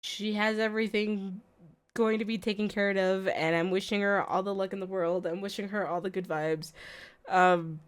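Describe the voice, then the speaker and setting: A woman streamer giving blunt, profane reaction commentary that swings between loud outbursts and low mumbling. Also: fairly even intonation, normal speed, clean tone.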